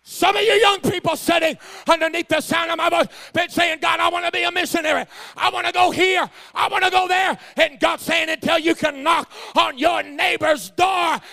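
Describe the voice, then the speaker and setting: A preacher with a high, gravelly voice that has a bright, sharp edge. He tells stories in a hushed voice, stumbling over the first words of his phrases, then climbs into shouted, fiery preaching. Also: fairly even intonation, moderate pace, hardly any pauses. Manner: builds from quiet storytelling to shouted preaching; repeats words when starting phrases. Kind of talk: sermon.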